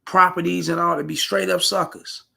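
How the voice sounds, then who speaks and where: A man's voice: high-pitched, level tone, moderate pace, gravelly, bright, forceful tone, slightly rough. A man ranting casually on his vlog, blunt and profane, full of slang and repetition. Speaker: commentary vlogger. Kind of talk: casual commentary rant.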